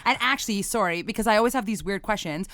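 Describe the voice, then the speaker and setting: A woman's voice: mid-range voice, quick pace. A woman guest on a podcast, chatting casually and asking curious questions. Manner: curious, asks questions, animated. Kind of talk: casual chat.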